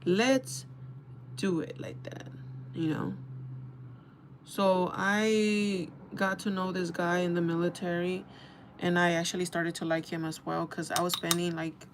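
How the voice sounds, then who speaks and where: A beauty vlogger in her twenties chats candidly and casually while doing her makeup, swearing freely in a casual storytime. Her voice sits fairly low, and there's a little hiss or hum in the recording.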